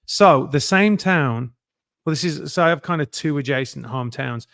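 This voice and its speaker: A middle-aged man telling animated stories as an interview guest, slipping into other people's voices as he goes. His voice sits a little high for a man. The sound is close and dry, with no room around it. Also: normal speed, creaky, dry recording. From England. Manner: animated anecdotes, acting out other people's lines. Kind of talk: casual interview storytelling.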